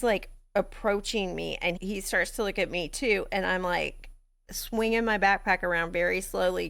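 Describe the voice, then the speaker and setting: A woman with a Texan accent, a grief coach and podcast host telling a story in a blunt, profane, animated way. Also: on the low side, creaky. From Texas. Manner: animated, blunt and profane, laughs between lines. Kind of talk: candid storytelling monologue.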